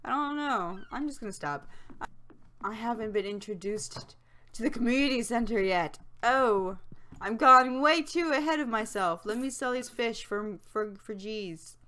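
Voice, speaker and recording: A woman playing a farming game and commenting casually, excitable, squealing and yelling at what happens on screen. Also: on the high side, normal speed, a little hiss or hum. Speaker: let's play gamer.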